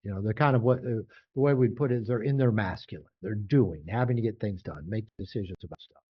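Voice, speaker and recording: An older man, an author being interviewed, talking casually and animatedly, often jumping higher to act out quoted voices. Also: fast, lo-fi sound. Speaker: author and guest.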